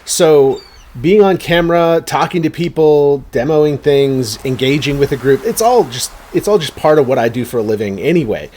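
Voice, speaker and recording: A man's voice: on the high side, normal speed, warm tone. A man chatting casually while streaming a game, rambling and talking to his viewers. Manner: rambling, chatty, many fillers and restarts.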